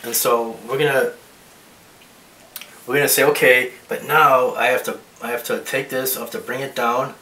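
Male art teacher, mid-pitched, rambling demo talk, distant mic, echoey room. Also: fairly even intonation, moderate pace, long pauses, pushed and bright. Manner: thinking aloud, rambling with restarts. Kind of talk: drawing demonstration. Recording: roomy echo, mic at a distance, faint hiss.

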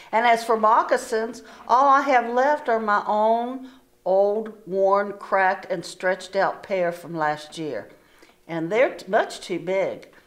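A poor, sorrowful old father from a storybook, as a woman reading aloud puts him on. He speaks softly and slowly, sighing and apologetic. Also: on the high side.

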